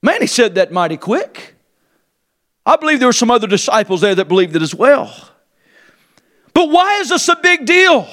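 High-voiced preacher, fervent. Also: male voice, sing-song, normal speed, pauses often. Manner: impassioned, swinging between shouted emphasis and low quiet asides. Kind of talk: sermon. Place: church service before a congregation.

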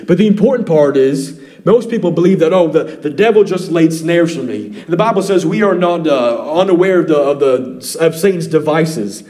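A man's voice: fairly high pitch, expressive, normal speed, few pauses, mellow. A man preaching a sermon as pastor, reading scripture and pressing his congregation with repeated questions.

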